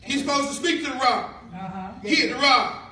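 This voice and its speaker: A man preaching a sermon with animated, shouting delivery and call-and-response. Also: very high-pitched, moderate pace, far from the mic. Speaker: pastor. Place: church. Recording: echoey hall from afar, congregation. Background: congregation responding.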